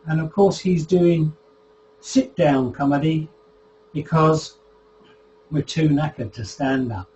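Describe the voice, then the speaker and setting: A man's voice: a little high, slow pace, long pauses, a little mellow, dull audio, a little hiss or hum. An older man hosting a casual show, introducing the next item in a dry, jokey way. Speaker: host.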